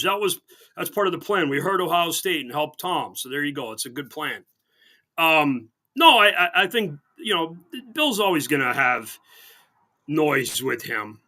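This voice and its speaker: A man's voice: a little high, animated, slow pace, bright, forceful tone. A man co-hosting a sports radio show, chatting casually and sarcastically, with lots of restarts. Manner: rambling, sarcastic, many restarts. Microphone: remote call-in line.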